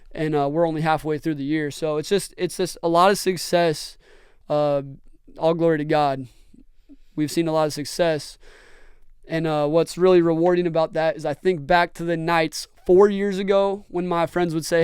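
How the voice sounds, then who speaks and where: A man's voice: a little high, a little mellow, clear, resonant tone, no room sound, studio quality. A young man, earnestly telling rambling stories as a podcast host. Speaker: podcast host and brand owner. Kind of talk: casual storytelling chat.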